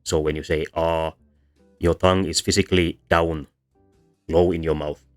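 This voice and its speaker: A man with a very low voice gives a livestreamed lecture on vowel sounds, explaining patiently and often pausing on um and uh. Now and then he sounds out vowels as examples. Soft background music plays faintly beneath his voice. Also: little pitch movement. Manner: explains patiently with many ums and uhs, demonstrates vowel sounds. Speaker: VTuber linguistics presenter.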